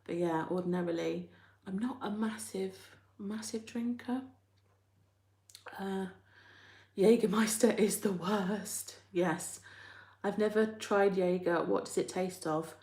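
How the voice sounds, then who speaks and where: A woman's voice: mid-range voice, slow pace, pauses often, darkish tone. A woman hosting a live chat, reading out viewer comments in a rambling, chatty way and laughing often. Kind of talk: casual chat. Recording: roomy echo.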